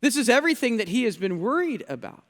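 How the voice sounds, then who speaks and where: A man's voice: extremely high pitch, very animated, quick pace, fairly bright tone, long reverb tail. A male pastor preaching a sermon, teaching earnestly, stressing key words and repeating phrases for effect. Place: church sanctuary.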